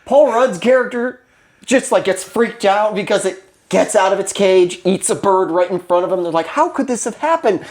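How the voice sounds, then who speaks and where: A woman co-hosting a casual movie review chat, talking in an animated, chatty way. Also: mid-range voice, normal speed.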